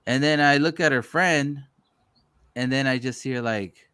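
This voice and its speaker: A man's voice: mid-range voice, a little slow, pushed and bright, smooth, no room sound. A man hosting a podcast, telling stories in casual chat, swearing freely and acting out other people's lines. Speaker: podcast host.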